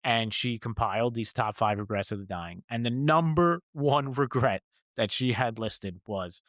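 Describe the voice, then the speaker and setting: A man co-hosting a podcast who speaks in a measured, earnest way and chimes in often with short agreement. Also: medium pitch, a bit bright, dry recording, clean studio sound. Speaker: podcast co-host. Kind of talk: casual podcast chat.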